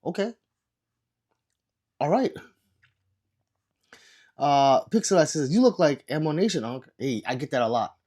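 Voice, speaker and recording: A man who is sick, chatting casually on a livestream and reading viewer comments aloud with low energy. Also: animated, unhurried, long pauses, darkish tone.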